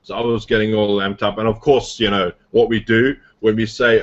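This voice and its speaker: A man's voice: fairly low pitch, flat delivery, brisk, lo-fi sound. A man casually coaching a group about his online business, rambling with lots of fillers and restarts. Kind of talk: casual motivational talk on a group video call.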